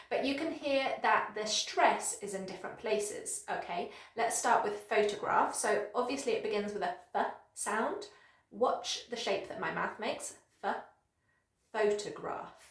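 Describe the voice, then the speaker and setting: A woman English teacher speaks to camera in a slightly high voice, carefully exaggerating each word as she models it for learners. She keeps an encouraging, upbeat teaching manner throughout. The sound carries a noticeable echo from the room around her. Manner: slow, exaggerated modelling of words with encouraging praise. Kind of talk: pronunciation lesson to camera.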